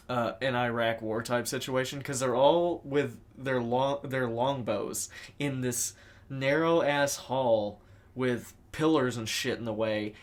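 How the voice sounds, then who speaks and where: A podcast co-host in casual movie review chat, rambling and swearing freely, often laughing. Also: mid-range voice.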